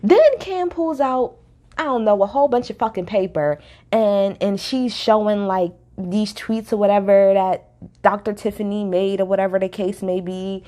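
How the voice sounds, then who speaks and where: A woman's voice: medium pitch, normal speed. A woman talks through a reality show recap in a casual, opinionated way. Her voice sits in an ordinary middle range. She is blunt and sassy, and she hammers her points home by saying them again and again. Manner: sassy, blunt, animated, repeats points for emphasis.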